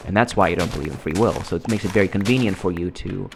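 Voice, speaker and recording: A man giving casual, rambling commentary while playing a game, halting and restarting his sentences often. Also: low voice, vocal fry, noisy background. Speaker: gameplay commentator.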